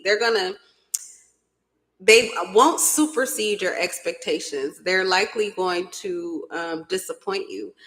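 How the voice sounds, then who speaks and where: On a low-quality recording, a woman with a medium-pitched, fairly bright voice gives a casual tarot reading as a spiritual reader. She keeps breaking into laughter and speaks bluntly, swearing freely.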